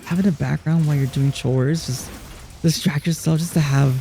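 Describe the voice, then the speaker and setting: A man streaming live who chats casually with his viewers in a soothing, relaxing, soft-spoken voice with gentle pauses. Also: a little high, fairly even intonation, creaky, a little hiss or hum. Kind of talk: casual chat, answering viewers while gaming.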